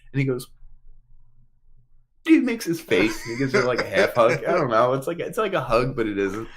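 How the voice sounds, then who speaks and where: A man's voice: medium pitch, moderate pace, slight background noise. A man co-hosting a podcast, telling a long story in casual chat, acting out what people said and swearing freely. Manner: animated, swears casually, acts out quotes. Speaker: podcast co-host.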